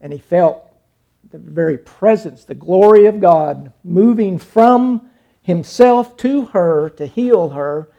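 A middle-aged man preaching a sermon, dramatic, swinging from hushed lines to sudden loud cries as he acts out scenes. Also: high-pitched, lively intonation, slow, creaky, dull audio.

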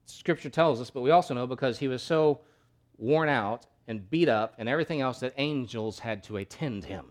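A male pastor preaches a sermon at a moderate pace in a mid-range voice. He is emphatic, poses rhetorical questions, and swings between loud and soft.

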